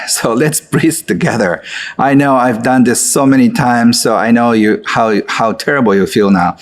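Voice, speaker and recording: A man who leads a guided exercise in an online course, speaking gently and coaxingly with frequent filler words. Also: medium pitch. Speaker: course instructor.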